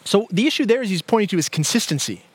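A man's voice: high voice, lively intonation, racing, breathy edge, no room sound. A man, a pastor, preaching a sermon in a conversational way, with many fillers and restarts. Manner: conversational, with frequent fillers and repeated words.

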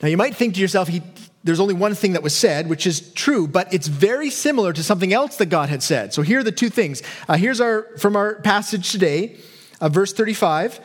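A pastor with a high, light voice delivers a sermon. He is earnest and grows animated when he acts out imagined questions to God. He drops quiet and low for his key points. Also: brisk.

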